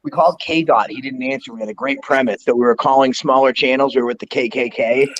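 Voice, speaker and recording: A man's voice: medium pitch, fairly even intonation, fast, lo-fi sound, slight background noise. A man co-hosting a prank call show, chatting casually, telling stories and laughing often. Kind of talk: casual chat.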